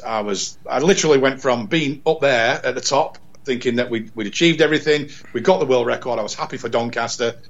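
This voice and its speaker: A man from England, a radio presenter, telling an animated story in casual chat, repeating words and acting out dialogue. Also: medium pitch, dull audio. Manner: rambling, repeats words, acts out quoted dialogue. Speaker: radio presenter, podcast guest.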